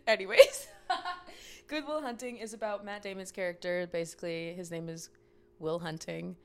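Laughing young woman, lowish voice. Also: steady tone, normal speed, a little hiss or hum. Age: young adult. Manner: laughs often, rambling retelling. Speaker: podcast co-host. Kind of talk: casual chat.

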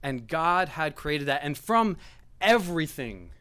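Earnest young preacher, stumbling restarts. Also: male voice, a little high, very animated, a little slow, bright, forceful tone, smooth. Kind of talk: storytelling sermon.

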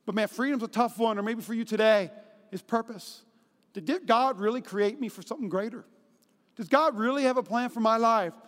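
A man with a strikingly high voice delivers a lively sermon in a church hall, his words trailing off into a long reverb. He tells stories with animated energy and jumps into acted-out voices for the people in them. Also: normal speed. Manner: animated storytelling, acts out quotes in high voices. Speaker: pastor. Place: church auditorium.

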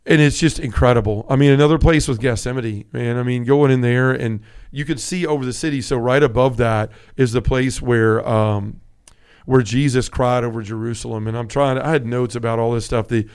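Guy on a podcast telling an emotional pilgrimage story, mid pitch, earnest and kinda rambly. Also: steady tone, brisk, darkish tone, smooth. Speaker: podcast host. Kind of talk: casual conversation about a pilgrimage.

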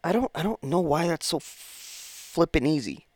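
A man's voice: a little high, expressive, measured pace, darkish tone, no echo. A man hosting his own podcast, talking alone in a rambling, profane, self-interrupting way, sleepy and yawning in the morning. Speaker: podcast host. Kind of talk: casual solo podcast monologue.

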